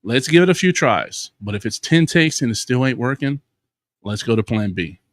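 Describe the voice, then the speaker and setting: A man with a Louisiana accent co-hosts a casual talk stream, speaking at an average pitch. He explains things conversationally and fills his thoughts with "you know." The sound is dry and close, with no room echo. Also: animated, moderate pace. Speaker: co-host. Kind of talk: casual chat.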